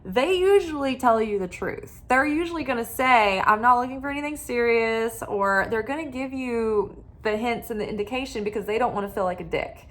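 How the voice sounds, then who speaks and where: A woman's voice: on the high side, lively intonation, moderate pace, few pauses. A middle-aged woman giving spiritual love advice as a tarot reader, talking animatedly and acting out the voices of people she quotes.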